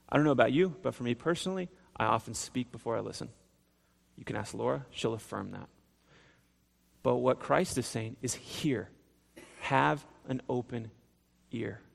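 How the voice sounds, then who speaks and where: Guy preaching a sermon, kinda gravelly voice, chatty but earnest, big echoey church hall. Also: medium pitch, normal speed, pauses often. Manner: conversational, earnest preaching with emphatic pleading bursts. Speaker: pastor. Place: church sanctuary.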